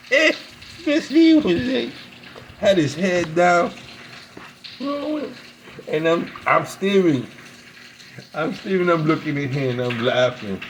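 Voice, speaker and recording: A man with a somewhat high voice tells a story in a loose, rambling way, laughing often and stumbling over repeated words. A faint hiss sits under the recording. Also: expressive, slow pace, pauses often, poor audio. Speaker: pipe-smoking video host. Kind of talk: casual storytelling.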